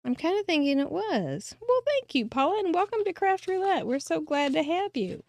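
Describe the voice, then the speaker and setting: A middle-aged woman hosting a craft show, chatting warmly and gushing as she shows cards that viewers sent her. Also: very high-pitched, very animated, normal speed. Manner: chatty, gushing, laughs often. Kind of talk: casual chat showing mailed cards.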